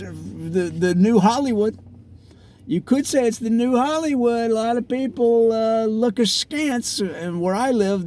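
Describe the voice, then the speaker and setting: A man delivering a rambling, earnest comic monologue as a parody neighborhood vlogger, self-satisfied and deadpan. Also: sits high, slight background noise. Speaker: parody real estate vlogger.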